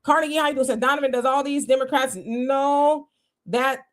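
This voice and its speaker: A woman's voice: sits high, normal speed. A woman co-hosting a casual political livestream, reading viewer comments aloud and reacting heatedly. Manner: heated, exclamatory, talks to viewers as y'all.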